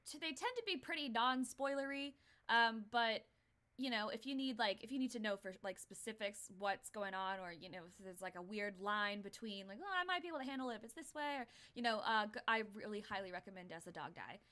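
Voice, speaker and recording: A woman's voice: medium pitch, fairly quick, bright, forceful tone. A young woman streamer chatting casually through gameplay, rambling, swearing freely and laughing often.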